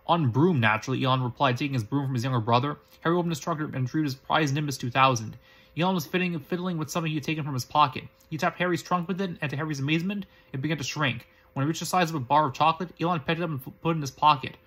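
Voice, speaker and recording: Fast husky man reading with frequent slips. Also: a little high, fairly bright tone. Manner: halting, frequent restarts and slips. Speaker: reader. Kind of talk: reading a fan story aloud.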